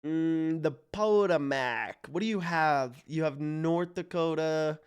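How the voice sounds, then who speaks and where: A wired-up male streamer from Canada with a high, smooth voice. He talks his guesses through out loud, jumping between hype and confusion, and swears freely as he goes. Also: slow pace. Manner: hyped, profane, thinks aloud while guessing. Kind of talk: casual live-stream commentary.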